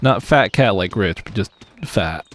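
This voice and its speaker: A man's voice: fairly low pitch, expressive, a little slow, a bit bright. A man live-streaming a game, chatting casually in a rambling, self-deprecating way and chuckling often. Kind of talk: casual live-stream chat while playing.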